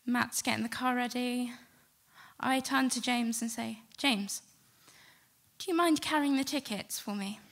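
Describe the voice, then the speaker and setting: Woman telling a lively story. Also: a little high, unhurried. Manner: lively, animated retelling with acted-out quotes. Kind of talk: live storytelling to an audience. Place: stage before a live audience.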